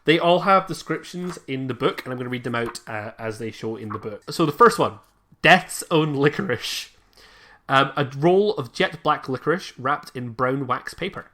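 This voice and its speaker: A game master narrating a tabletop game in a relaxed, rambling way, with many fillers while reading item lists. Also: medium pitch, moderate pace.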